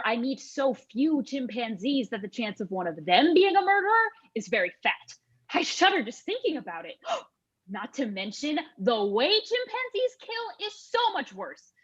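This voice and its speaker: A young actress in a student comedy sketch plays an earnest young woman terrified of chimpanzees, speaking in an overly formal, dramatic way. Her fairly high voice is a bit bright and husky, deliberately exaggerated, and the sound is lo-fi. It's stage comedy dialogue.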